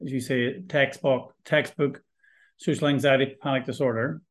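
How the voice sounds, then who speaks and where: A man interviewing a guest, asking gentle, halting questions and recapping what she has said. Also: medium pitch, steady tone. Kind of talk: podcast interview.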